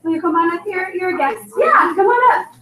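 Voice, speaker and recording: Bubbly high-voiced woman, echoey room. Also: animated, a little fast, recorded from a distance, crowd noise. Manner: bubbly, chatty, lots of "like" and "um". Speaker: sales director leading a team meeting. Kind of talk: team meeting announcements. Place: meeting room, indoors. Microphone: recorded from across the room.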